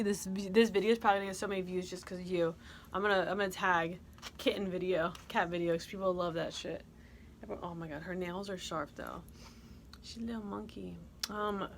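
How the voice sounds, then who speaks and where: A woman's voice: on the low side, fairly even intonation, brisk, vocal fry, a little hiss or hum. A young woman hosting a podcast in casual, rambling chat, giggling often and cooing in a baby voice now and then. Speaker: podcast host.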